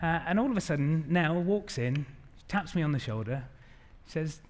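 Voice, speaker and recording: A man in his thirties giving a lively, engaging conference keynote on a stage mic, speaking to a large hall. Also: on the high side, moderate pace. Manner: lively, engaging, directs the audience.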